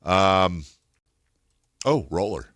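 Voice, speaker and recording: A man's voice: sits low, lively intonation, extremely slow, fairly bright tone, no echo, clean studio sound. A man hosting sports radio, chatting casually and rambling with lots of fillers. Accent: American. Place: radio studio. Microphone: studio microphone.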